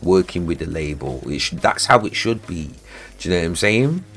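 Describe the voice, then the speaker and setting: Deep-voiced man ranting. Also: sing-song, normal speed, fairly bright tone, soft background music. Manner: heated, swearing, repeats himself. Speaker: music producer streaming live. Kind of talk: casual livestream rant. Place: home studio.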